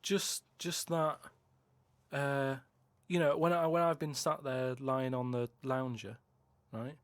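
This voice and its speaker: A man in a comic chat who explains his ideas slowly and hesitantly, repeating words as he goes. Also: mid-range voice, flat delivery, no room sound. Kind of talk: rambling comedic chat.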